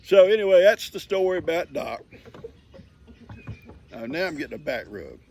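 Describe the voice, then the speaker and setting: A man's voice: a little high, big pitch swings, normal speed, creaky, a little mellow. An older man, chuckling as he tells a folksy story on his farm. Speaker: vlogger. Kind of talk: casual storytelling. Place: outdoors on a farm.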